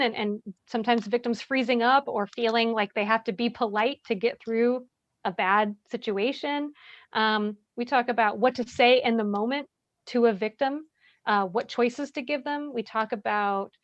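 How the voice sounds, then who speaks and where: A woman's voice: on the high side, a bit bright, no echo. Earnest woman trainer, dull dry audio. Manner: casual and earnest, many fillers, acts out what to say. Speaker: safer space trainer. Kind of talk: answering audience questions in a workshop.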